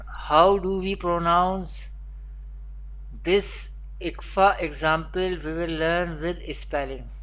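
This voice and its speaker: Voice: medium pitch, fairly even intonation, takes it slowly, a bit bright. A Quran teacher giving a beginner recitation lesson, naming letters one at a time and repeating spelling drills. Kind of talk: recorded beginner pronunciation lesson.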